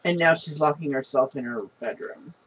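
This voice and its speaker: Podcast co-host, man, slightly high voice, brief casual interjections. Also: moderate pace, a bit bright, far from the mic, slight background noise, poor audio. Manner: brief agreeing replies. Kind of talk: casual chat.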